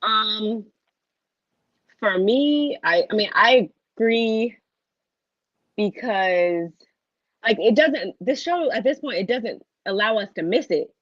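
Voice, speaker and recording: A woman co-hosting a casual livestream chat, rambling and thinking aloud with many pauses. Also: medium pitch, animated, dry recording, lo-fi sound. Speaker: co-host.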